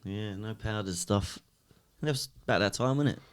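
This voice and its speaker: A British man chatting casually as a podcast co-host, jokey and quick with wisecracks. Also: on the low side, smooth. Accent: British English. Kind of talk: casual chat.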